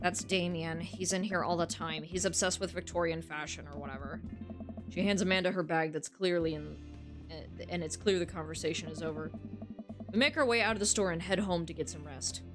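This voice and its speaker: A woman's voice: on the low side, fairly quick, over music. A woman streaming a dating game, reading its text aloud and chatting casually with viewers, frank and swearing freely.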